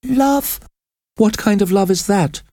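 A man reading a story voices a frightened, defiant young woman prisoner, speaking high, pleading and trembling. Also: slow pace, mellow, no echo, clean studio sound. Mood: outraged.

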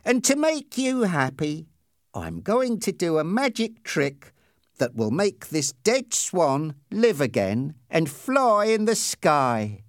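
A man voicing a cruel, menacing teenage boy bully, raised well above his own pitch. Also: huge pitch swings, takes it slowly, no room sound, clean studio sound, full character voice. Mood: mocking. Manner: menacing, bossy.

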